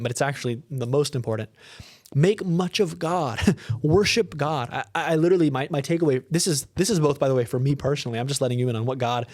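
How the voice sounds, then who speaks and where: A man's voice: on the high side, darkish tone, dry recording, studio quality. A man, a pastor, giving an earnest, emphatic podcast talk, often repeating words as he builds a point.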